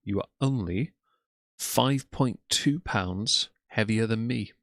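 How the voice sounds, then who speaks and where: A man's voice: on the low side, takes it slowly, a bit bright, no room sound. A man giving a sarcastic, scornful reaction commentary in a blunt way. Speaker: commentary YouTuber.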